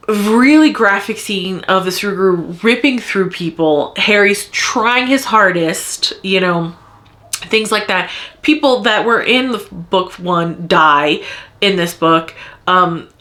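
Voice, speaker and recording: A woman's voice: mid-range voice, slow pace, a bit bright. A woman giving a casual vlog book review as a heated rant, swearing often and repeating lines for emphasis. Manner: heated ranting, frequent swearing.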